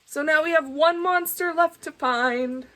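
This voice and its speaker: Langzame, heldere voorleesvrouw. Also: female voice, sits high, a little slow. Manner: gentle, chatty asides to kids. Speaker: storybook reader. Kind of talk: reading a children's book aloud.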